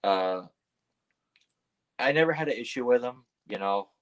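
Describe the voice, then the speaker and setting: A man guesting on a podcast, telling wrestling stories in a rambling, casual way, full of fillers and the odd swear, and jumping up high when he acts out his own startled replies. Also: expressive, unhurried, poor audio.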